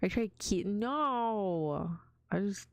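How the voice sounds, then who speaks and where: A woman's voice: medium pitch, animated, slow, dry recording. A young woman streaming as a vtuber in whispered role-play, telling stories in a chatty, giggly way that slips into whispers.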